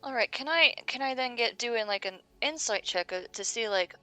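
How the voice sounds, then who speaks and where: Bright-voiced woman playing a tabletop game. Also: a little high, lively intonation, soft background music. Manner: hesitant, halting, full of fillers. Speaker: player. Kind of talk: casual tabletop game play.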